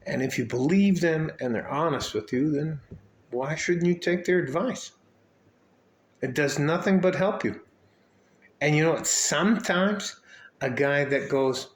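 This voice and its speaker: A man's voice: on the high side, measured pace, pauses often. An older man who coaches young men, talking to the camera in a rambling, profane, fatherly way. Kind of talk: casual vlog talk to camera. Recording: roomy echo.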